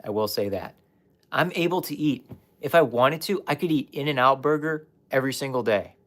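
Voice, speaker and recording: A man's voice: medium pitch, normal speed, fairly bright tone. A young man candidly telling his personal story on a livestream, swearing at times and talking straight to his chat. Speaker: life coach livestreamer.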